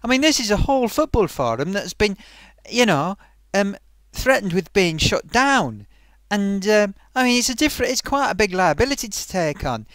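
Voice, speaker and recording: A man's voice: high voice, sing-song, moderate pace, a bit bright, no room sound. A man hosting his own vlog and chatting casually, rambling along with plenty of ums and restarts. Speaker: vlogger host. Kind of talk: casual comedy vlog chat.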